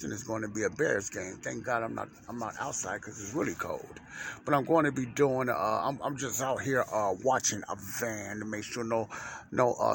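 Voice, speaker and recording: A man's voice: lowish voice, gravelly, fairly bright tone, slight background noise. Rambling folksy man hosting a podcast. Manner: rambling and repetitive, with many fillers and restarts; folksy and religious, often saying "Lord's willing". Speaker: podcast host and minister. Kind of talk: casual podcast monologue. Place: inside a parked truck at his workplace.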